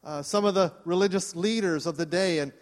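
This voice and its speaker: A man's voice: sits high, fairly quick. A man preaching a sermon to his congregation, earnest and inviting them to respond. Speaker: pastor. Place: church service. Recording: long reverb of a church hall.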